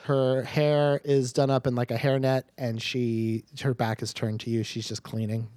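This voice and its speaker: A woman's voice: very deep voice, little pitch movement, moderate pace, mellow, no room sound, studio quality. A woman narrating a tabletop game as game master, rambling with fillers.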